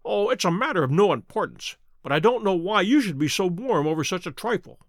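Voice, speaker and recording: A man's voice: high voice, fairly quick, no room sound. A man doing a cool, offhand detective. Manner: calm, offhand, dry. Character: cool, cunning male detective, composed. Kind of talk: audiobook character reading.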